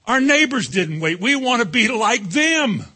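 A man's voice: extremely high pitch, very animated, unhurried, pushed and bright, slightly rough. A man preaching a sermon, emphatic and calling out to the congregation for responses.

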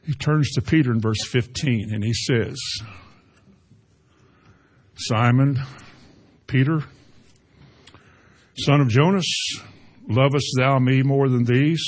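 Husky-voiced man preaching a sermon. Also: medium pitch, slow, pauses often. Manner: preaching with rising emphasis and Bible quotations. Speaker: pastor.

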